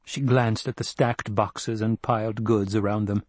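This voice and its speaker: In scripted audiobook narration, a man tells the story in a measured, even way. His voice sits on the low side, and there's no room sound.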